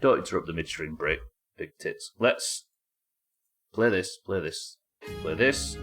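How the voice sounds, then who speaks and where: A male game streamer chatting live with his viewers, loose and profane. His voice sits low but bounces through a wide, animated range. Soft game music plays faintly behind him. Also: a little slow, pauses often. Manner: chatty, swears freely, banters with chat. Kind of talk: casual live-stream chat. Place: home streaming setup.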